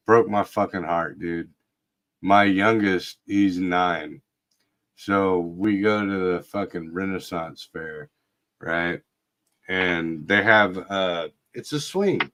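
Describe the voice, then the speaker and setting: Slow-talking profane man telling stories. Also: low-pitched. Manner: profane, laid-back storytelling with shouted quotes. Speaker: podcast host. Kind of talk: casual storytelling chat. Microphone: video call.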